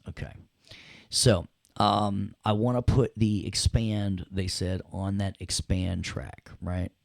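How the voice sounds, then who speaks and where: Deep gravelly man teaching casually. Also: a little mellow, no echo, clean studio sound. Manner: chatty, jokey, addresses students directly. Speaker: audio production instructor. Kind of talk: casual screen-share software lesson.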